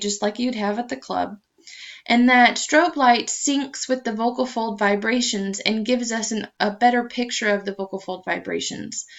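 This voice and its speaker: A woman's voice: medium pitch, gravelly, a bit bright. A woman lecturing to students in an explanatory way, with frequent ums and uhs, on a dull lo-fi recording.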